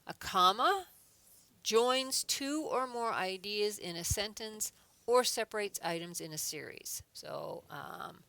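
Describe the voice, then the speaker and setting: A woman's voice: medium pitch, animated, slow, creaky, bright, forceful tone, no room sound. A woman teaching an adult English class, patiently explaining grammar step by step with examples and checking in with a frequent "okay.". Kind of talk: recorded adult English lesson.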